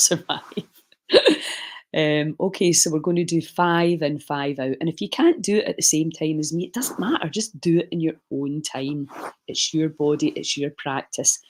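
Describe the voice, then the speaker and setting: A man's voice: fairly high pitch, fairly even intonation, moderate pace, rough recording. A man leading a guided breathing session on a live stream, chatty and reassuring as he coaches.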